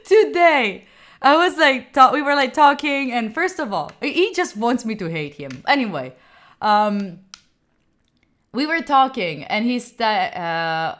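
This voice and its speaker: Speaking at a fairly high pitch and a little slowly, a young streamer from Italy chats casually with her livestream audience in an Italian accent. She's lively, laughs often, and reads out messages from chat.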